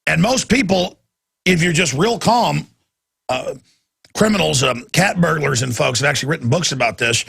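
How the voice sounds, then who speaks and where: A man's voice: a little high, moderate pace, creaky, fairly bright tone, breathy edge. A man hosting a talk radio show, delivering an impassioned, ranting monologue into a studio microphone, often repeating words.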